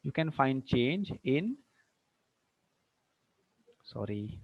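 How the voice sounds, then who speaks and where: A man runs an English grammar lesson, firing questions at his students and checking they follow. His voice sits at an ordinary pitch. The recording is dull and dry, as if from a classroom camera. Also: big pitch swings, very slow, creaky, breathy edge, no room sound. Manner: quizzing students with frequent check-ins, mixing in Hindi. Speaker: English teacher.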